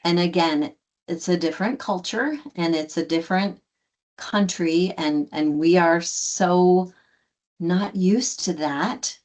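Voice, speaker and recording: A woman's voice: fairly low pitch, takes it slowly. A woman, a guest and adoptive mother, telling a story in conversation and acting out the quoted lines with many restarts. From United States. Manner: animated, acts out quoted dialogue with restarts.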